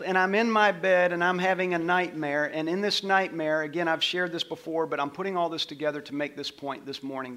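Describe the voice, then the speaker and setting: A middle-aged man, a pastor, preaching a sermon and telling a story, swinging from loud passages to hushed ones. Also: high-pitched.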